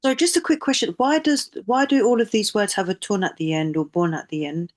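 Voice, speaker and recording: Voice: medium pitch, brisk. Hesitant student asking questions. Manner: hesitant, many fillers and restarts.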